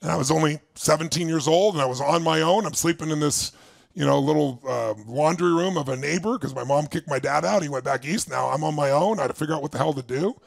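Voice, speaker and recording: Gravelly high-voiced man, motivational speaker. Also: quick pace, no echo. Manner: shouts to rouse the crowd, then storytelling. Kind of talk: motivational talk to a live audience.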